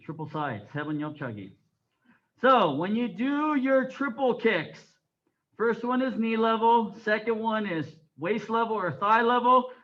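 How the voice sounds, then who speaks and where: A man running a taekwondo class, his voice high and lively as it swings from barked counts to calm explanation. The recording is dull and lo-fi, like a class filmed in a training hall. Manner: barks counts and commands, then explains calmly. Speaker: taekwondo instructor. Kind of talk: coaching a martial arts class. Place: martial arts training hall.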